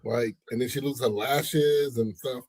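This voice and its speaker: A man co-hosting a casual gossip chat, drawling and laughing loudly. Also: medium pitch, fairly even intonation, measured pace, no room sound, rough recording. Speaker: co-host.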